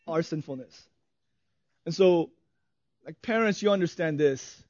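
A man's voice: a little high, a little slow, a little mellow, no echo, dull audio. A man in his thirties preaching a sermon as a pastor, conversational, often asking "right?" and laughing lightly.

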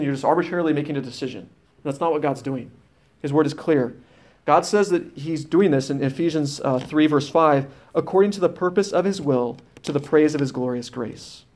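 A preacher with a somewhat high, darkish voice teaches a sermon, reading scripture aloud and explaining it firmly, with fillers and restarts along the way.

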